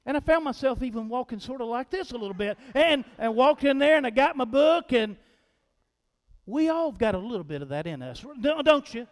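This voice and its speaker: A male pastor preaching a sermon in a church, animated and emphatic, speaking straight to his congregation. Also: very high-pitched, a little fast. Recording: long reverb of a large hall.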